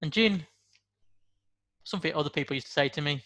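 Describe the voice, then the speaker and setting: Brummie guy in his 40s, motivational talk, earnest and emphatic, kinda higher pitched. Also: a little fast, bright, forceful tone. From West Midlands, England. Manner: earnest, emphatic, rhetorical questions. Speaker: motivational speaker. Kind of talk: motivational monologue.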